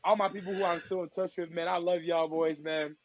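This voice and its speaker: A man from Togo, a podcast guest and DJ, telling stories in casual chat with slangy, lively talk. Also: on the high side, a little fast, no room sound, rough recording. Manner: lively, acts out quoted voices, slangy.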